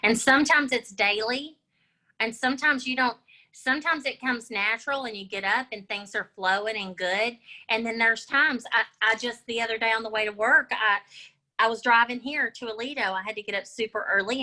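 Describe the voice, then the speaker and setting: A woman's voice: fairly high pitch, bright, forceful tone, low-quality recording. A woman guest in a casual conversation, talking in an upbeat, encouraging way and telling stories with animation.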